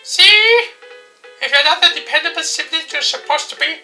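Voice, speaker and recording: Brief: shrill, bossy little sister in a game, bright and sharp, music far behind. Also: male voice, lively intonation, moderate pace, full character voice. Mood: teasing. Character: teasing bratty teenage little sister. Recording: distant mic with faint music.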